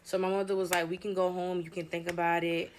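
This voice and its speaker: A woman's voice: fairly low pitch, level tone, quick pace, slight background noise. A young woman telling a story-time account in a conversational retelling, acting out quoted dialogue. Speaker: storyteller in clip.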